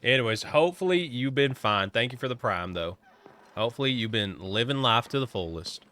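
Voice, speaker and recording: A man's voice: mid-range voice, animated, fairly quick, pushed and bright. A man streaming a game, chatting casually and joking with viewers as he rambles.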